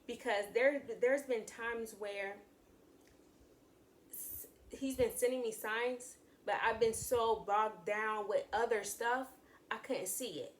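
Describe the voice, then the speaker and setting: A woman's voice: a little high, slow pace. A woman hosting her own channel, talking casually about her faith, chatty and repetitive, often saying "y'all" to viewers. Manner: chatty, repeats and restarts phrases, addresses viewers as y'all. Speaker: channel host sharing faith views. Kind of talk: casual talk to camera.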